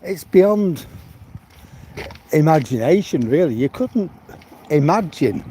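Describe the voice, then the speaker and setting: A man's voice: a little high, very animated, slow, dark tone. A man, chatting casually and rambling while on a walk outside, often saying "you know". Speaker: live-stream host. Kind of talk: casual chat while walking. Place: outdoors on a rural walk. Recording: outdoor noise with passing vehicles.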